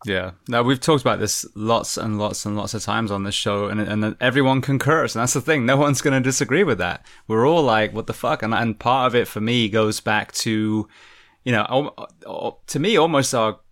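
A man hosting a podcast, talking in a relaxed, rambling way. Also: mid-range voice, normal speed. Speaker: podcast host. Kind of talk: casual chat.

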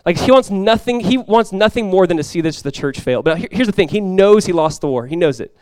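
A man preaching a sermon as pastor, telling stories with lively energy, then dropping quiet and slow to press a point. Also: high voice, clear, resonant tone, no room sound, clean studio sound. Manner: animated storytelling, drops quiet and slow for emphasis; conversational, many fillers like "like" and "you guys".

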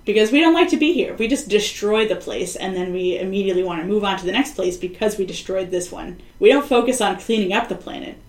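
A woman's voice: medium pitch, fast, hardly any pauses, reverberant. A woman co-hosting a podcast in casual chat, rambling and sardonic, often acting out the people she quotes. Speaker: podcast co-host.

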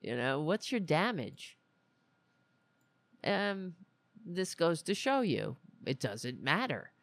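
Brief: commentary host, slow and animated, dry close sound. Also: mid-range voice, dry recording. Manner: animated, indignant, many restarts and asides. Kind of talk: casual ranting commentary.

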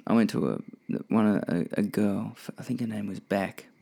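A man's voice: lowish voice, normal speed, vocal fry, mellow. A young man hosting a casual solo podcast, rambling and swearing freely with many restarts. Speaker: podcast host.

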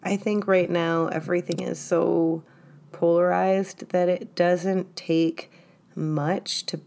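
A woman's voice: fairly low pitch, flat delivery, slow pace, creaky, warm tone. A woman from upstate New York co-hosting a podcast, laid-back and giggly, swearing casually. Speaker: podcast co-host. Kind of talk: casual chat.

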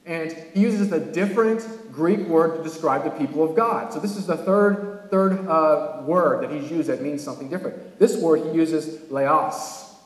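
High-voiced man preaching in an echoey hall. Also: moderate pace. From California. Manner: animated preaching with sudden emphatic rises. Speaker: pastor. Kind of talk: sermon. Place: church sanctuary.

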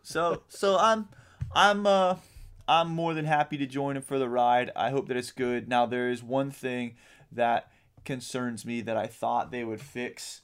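A man's voice: medium pitch, steady tone, unhurried, a bit bright, clear, resonant tone. A man co-hosting a podcast, talking casually in a rambling way, with lots of ums and casual swearing. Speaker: podcast co-host. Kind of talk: casual chat.

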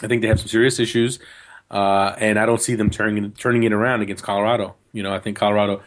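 A man's voice: fairly low pitch, little pitch movement, quick pace. A man from New Jersey co-hosting a soccer podcast, talking casually and joking, with frequent restarts. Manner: chatty, joking, lots of restarts. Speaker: podcast co-host.

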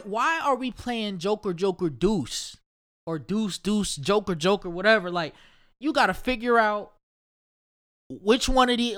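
A man from Ohio delivers a loose, profane rant, circling back to the same points with heavy emphasis. His voice sits noticeably high for a man. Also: expressive, measured pace, fairly bright tone. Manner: profane, emphatic, repeats himself. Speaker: solo commentator. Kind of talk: casual rant monologue.

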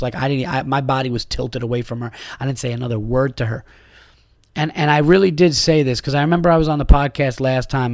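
This is a middle-aged man ranting on his own podcast, crude and heated, tripping over his own restarts as he goes. His voice sits in an ordinary middle pitch. The sound is close and dry, with no room around it. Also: a little mellow, no room sound. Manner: angry, crude, rambling with restarts. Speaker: podcast host. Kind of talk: profane rant to listeners.

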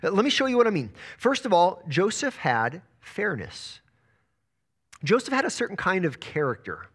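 Expressive preacher man with lively pitch. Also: normal speed, husky. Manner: emphatic, repeats words when building a point. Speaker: pastor. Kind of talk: sermon.

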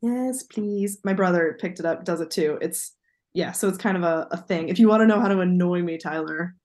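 A woman's voice: lowish voice, steady tone, fairly quick, a little mellow. A woman co-hosting a podcast in casual chat, talking in a chatty, digressive way and laughing easily. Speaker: podcast co-host.

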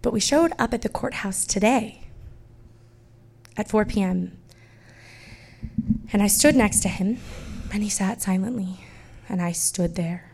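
Woman, storyteller, personal tale, wry, self-mocking, loud then hushed, mid-pitched voice. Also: measured pace, vocal fry, pauses often, slight background noise.

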